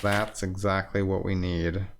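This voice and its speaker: A man playing a story game, reading its text aloud quickly and thinking aloud between choices. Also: low-pitched, flat delivery, a little hiss or hum. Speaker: game streamer.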